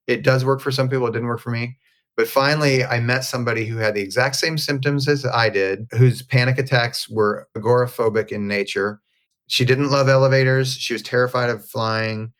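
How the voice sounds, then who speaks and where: A man being interviewed, telling a personal story in a candid, conversational way and acting out the dialogue. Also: on the low side. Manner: animated, acts out quoted dialogue. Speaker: interview guest.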